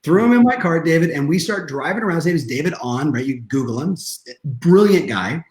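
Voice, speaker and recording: Guy on a video call going fast and emphatic, kinda high voice, echoey room. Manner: fast, energetic, emphatic storytelling. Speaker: guest real estate coach. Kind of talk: animated storytelling on a video call.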